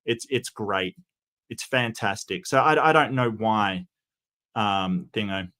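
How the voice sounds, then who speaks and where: A man's voice: lowish voice, slow, bright, forceful tone. A man talks loosely on a livestream, answering his chat as he goes. He rambles through fillers and false starts, with plenty of strong opinions along the way. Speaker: streamer reading chat.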